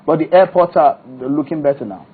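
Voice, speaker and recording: A man interviewing a guest on TV, probing and halting with frequent fillers. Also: a little high, breathy edge, phone-quality sound.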